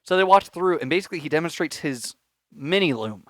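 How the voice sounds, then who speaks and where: A man's voice: fairly high pitch, animated, fairly quick, no echo, studio quality. A man hosting a podcast, casually recapping an episode in a rambling way with filler words and swearing. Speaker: podcast host.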